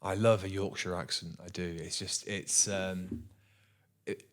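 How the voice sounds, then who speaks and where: A young man with a slightly low voice talks earnestly about his craft in a casual interview. His delivery is lively, full of restarts and repeated words. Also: unhurried. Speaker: actor guest.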